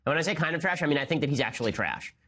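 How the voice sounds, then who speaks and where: A man in his thirties hosting a political commentary show, talking fast with sarcasm and disbelief. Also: a little high, expressive, bright, forceful tone, breathy edge. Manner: rapid, incredulous, sarcastic. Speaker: host.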